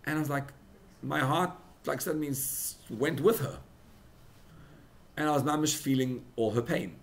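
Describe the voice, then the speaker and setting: A young rabbi preaching at a farbrengen, emotional, building to loud emphatic peaks and mixing in Hebrew and Yiddish words. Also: male voice, on the high side, moderate pace. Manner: mixes in Hebrew and Yiddish terms. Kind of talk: sermon at a farbrengen gathering.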